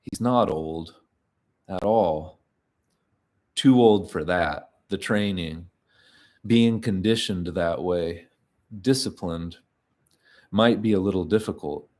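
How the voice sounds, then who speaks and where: A man giving a measured, quiet reading of literary fiction in the first person, pausing often between short phrases. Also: low voice. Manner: slow, measured, quiet delivery with frequent pauses.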